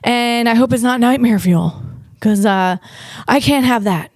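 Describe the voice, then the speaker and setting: A woman's voice: fairly high pitch, unhurried, a little mellow, no echo, studio quality. A woman comedian hosting a tech show, riffing in a loose, rambling monologue full of playful asides. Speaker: comedian host.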